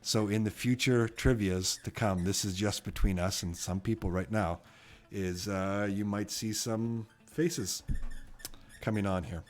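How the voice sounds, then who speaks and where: A man with a Canadian accent, hosting a trivia live stream in a casual, rambling way that often trails off quietly. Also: deep voice, fairly even intonation, normal speed.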